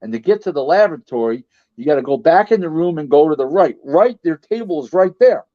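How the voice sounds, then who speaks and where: Animated storytelling man, lo-fi dry sound. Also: fairly high pitch, a little fast, dry recording. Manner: animated storyteller, restarts and acts out other people's voices. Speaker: boxing advisor and interview guest. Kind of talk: casual anecdote telling. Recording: dull lo-fi, dry audio.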